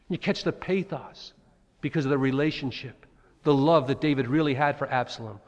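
A man's voice: medium pitch, brisk. A man preaching a sermon, dramatically acting out the cries of Bible figures. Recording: long hall reverb.

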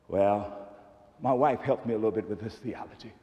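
A middle-aged man preaching a sermon in a large church hall, swinging between shouts and near-whispers. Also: on the low side, expressive, brisk. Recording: long hall reverb.

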